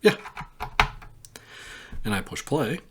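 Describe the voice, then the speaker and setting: A man hosting a synthesizer tutorial, calmly explaining each step while pressing buttons on the instrument. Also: medium pitch, takes it slowly, over loud music. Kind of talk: casual hands-on tutorial.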